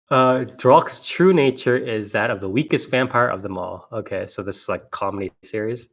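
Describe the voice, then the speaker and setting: A man's voice: on the low side, moderate pace, gravelly, hardly any pauses. A man hosting a casual podcast, reading out previews, laughing often and swearing casually. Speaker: podcast host.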